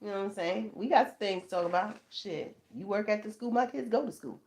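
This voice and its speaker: Telling her channel a casual story at a fast clip, a tarot channel host in her thirties speaks with medium pitch. She's animated and laughing, swears freely, and keeps asking "you know what I'm saying".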